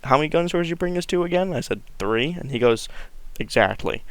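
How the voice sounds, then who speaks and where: A man's voice: fairly high pitch, lively intonation, brisk, no echo. A man casually telling a long personal story, rambling with many fillers and restarts and acting out what people said. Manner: rambling, full of fillers and restarts, acts out quotes.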